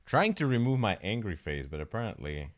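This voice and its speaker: A man's voice: fairly low pitch, very animated, a little fast. A man streaming himself playing a game, chatting casually, mocking himself and swearing now and then.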